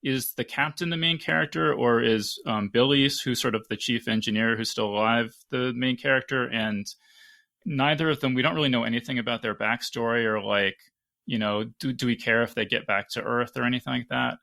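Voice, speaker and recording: Male host, gravelly and forceful, musing and restarting mid-thought in a casual panel. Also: mid-range voice, fairly even intonation, a little fast. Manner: thinking aloud with frequent restarts.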